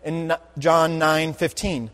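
A man delivers a sermon with emphatic, deliberate phrasing, drawing out and repeating key words. His voice sits a touch high for a man. The sound rings with the long reverb of a church hall. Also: flat delivery, fairly bright tone. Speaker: preacher.

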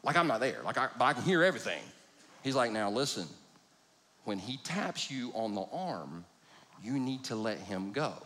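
A man's voice: medium pitch, big pitch swings, normal speed, fairly bright tone. A middle-aged man preaching a sermon, telling stories with self-deprecating humor. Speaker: pastor. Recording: long reverb of a large hall.

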